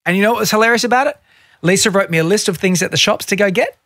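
A middle-aged man chatting as a podcast guest, slipping into lively voices when he tells stories. His voice sits a little high for a man, and the sound is close and dry. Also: racing, no room sound. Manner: animated storyteller, acts out quotes. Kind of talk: casual interview chat.

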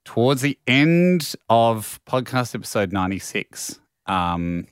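A man co-hosts a casual podcast in a dry, close-miked sound. He reads listener messages with a wry, easygoing delivery at a middling pitch. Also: big pitch swings, slow pace, clear, resonant tone, dry recording. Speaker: co-host.

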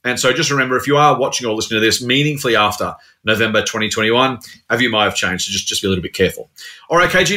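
A man's voice: mid-range voice, sharp tone. An Australian man hosting an investing podcast in a chatty, matey way, with fillers and repeats. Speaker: podcast host, investment officer. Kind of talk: casual investing chat.

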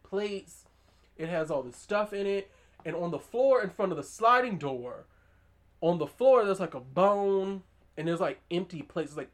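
A woman podcast host telling a film's story in loose, chatty fashion. She talks with emphatic energy, full of slang and blunt asides, and her voice sits at a middling pitch. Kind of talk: casual movie recap chat.

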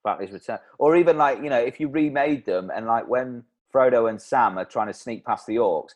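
A man co-hosting a comedy podcast, chatting casually and rambling, quick to laugh at his own jokes. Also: medium pitch, darkish tone, highs cut off. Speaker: podcast co-host.

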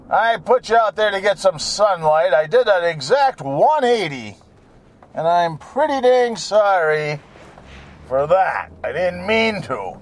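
A man's voice: high voice, slight background noise. A man talking on his own while driving, in a jokey, digressive monologue full of fillers. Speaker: solo talker. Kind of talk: rambling casual monologue. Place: inside a car while driving.

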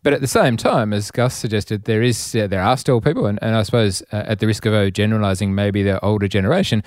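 A quick-talking man with a lowish voice. He hedges and weighs his words, full of fillers. The sound is dry and close. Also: dry recording. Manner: hedging, thoughtful, many fillers. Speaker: psychologist guest. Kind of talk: measured expert commentary.

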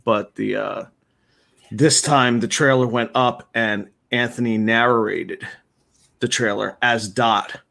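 A man's voice: medium pitch, fairly even intonation, takes it slowly, vocal fry, bright, forceful tone. A man chatting as a podcast guest, telling a story in a rambling way, stumbling over his starts. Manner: storytelling with many fillers and restarts. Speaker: guest, comic creator. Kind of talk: casual podcast chat.

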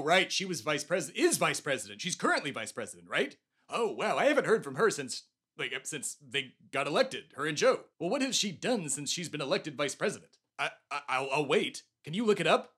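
A man's voice: fairly high pitch, pushed and bright. A young man from Texas hosting a satirical comedy podcast, rambling and stumbling in a mock-pompous rant. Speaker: podcast host.

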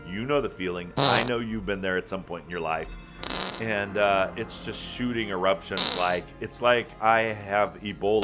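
A man telling a funny personal story in a folksy, animated way, calling people man and buddy, with faint music behind him. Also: low voice, moderate pace. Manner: animated, bursts into loud excited retelling.

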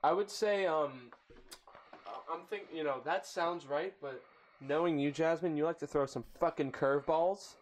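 A man in casual chat during a word-guessing game, animated and joking, swearing freely. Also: on the high side, moderate pace.

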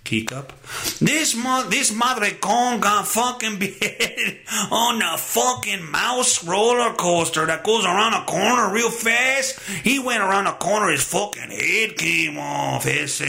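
A man voicing a blunt, deadpan male park official in a put-on Mexican accent, crude and mocking. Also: high voice, takes it slowly, vocal fry, exaggerated voice.

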